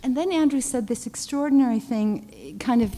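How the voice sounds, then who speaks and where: Halting mellow-voiced woman painter. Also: fairly high pitch, lively intonation, slight background noise. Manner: halting, repeats words, earnest. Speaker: panelist, painter. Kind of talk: storytelling at a panel talk. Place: lecture hall at a panel event. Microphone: handheld or podium mic, often off it.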